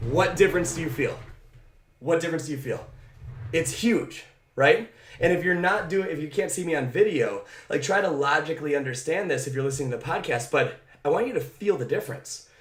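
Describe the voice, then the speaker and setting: A man speaks as a motivational coach, energetic and direct, pressing each point home and checking in with the listener. His voice sits a little high for a man. The room rings with noticeable echo around him. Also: fairly quick. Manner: energetic, emphatic and direct, with frequent "right?" asides. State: out of breath. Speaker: mindset coach. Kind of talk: motivational talk to camera. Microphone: camera mic.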